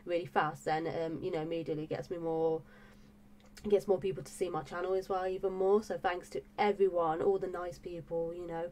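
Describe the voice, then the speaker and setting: A woman's voice: on the low side, little pitch movement, a little fast, warm tone. A woman vlogging in a gushing, breathless way, full of fillers and repeated exclamations about her reaction channel. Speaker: music reaction YouTuber. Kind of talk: excited casual vlog talk.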